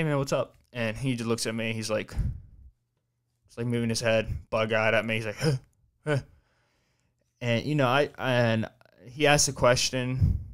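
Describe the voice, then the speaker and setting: A man's voice: medium pitch, a bit bright, clean tone. Young man, podcast host, casual rambling storytelling, curses a lot, clean resonant voice. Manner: rambling, profane, with many fillers and restarts.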